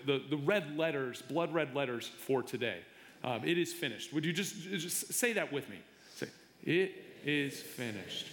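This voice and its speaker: Middle-aged male pastor, sermon, halting delivery with repeats, slightly high voice, roomy hall. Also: a little hiss or hum. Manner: halting, repeats words, animated when telling stories. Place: church sanctuary. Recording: echoey hall reverb. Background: long hall reverb.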